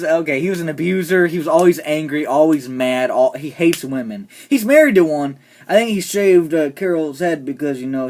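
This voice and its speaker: A vlogger ranting casually about TV characters, opinionated and sarcastic, often trailing off into quiet asides. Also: mid-range voice. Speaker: TV show reviewer.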